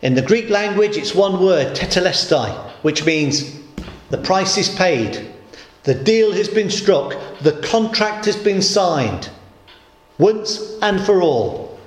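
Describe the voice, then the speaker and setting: A man's voice: high voice, expressive, slow pace. A man preaching a sermon in an emphatic storytelling manner, acting out the voices of the people he quotes. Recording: echoey room.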